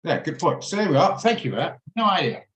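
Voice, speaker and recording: A man's voice: on the high side, big pitch swings, quick pace, fairly bright tone. A man hosting an online trading session, chatty and blunt, often rambling off topic, heard over a video call. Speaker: trading room host. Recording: roomy echo on a video call.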